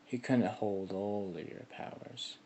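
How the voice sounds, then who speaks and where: A man voicing a stern, crude god of mythical beasts who scolds his creatures slowly, with curses, in a storytelling video. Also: fairly even intonation, warm tone, slight background noise. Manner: slow, low-key scolding with curses.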